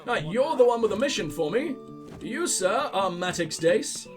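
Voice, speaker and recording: A man's voice: high-pitched, sing-song, normal speed, soft background music. A man commentating on his own gameplay, sarcastic and profane, mocking what he sees. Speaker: let's play host.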